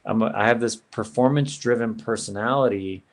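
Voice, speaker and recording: Guy on a podcast telling his story, kinda gravelly and deep, says man a lot. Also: moderate pace. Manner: earnest storytelling, casual "man" and "bro". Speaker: podcast guest. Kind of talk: personal story in interview.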